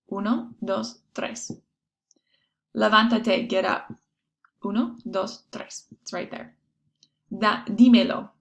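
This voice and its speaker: A woman's voice: mid-range voice, vocal fry. A woman teaching a recorded Spanish lesson to her class, explaining patiently step by step with examples.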